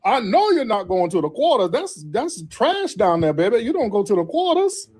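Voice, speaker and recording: A man voicing a sassy New Orleans local woman who warns tourists and calls everyone baby in a high voice. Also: big pitch swings, moderate pace, a little mellow, breathy edge, heavily acted. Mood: sassy warning.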